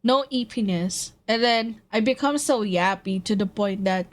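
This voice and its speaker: A woman's voice: medium pitch, normal speed. A young woman streamer, chatting casually in slang and laughing often. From Philippines. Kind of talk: casual live-stream chat.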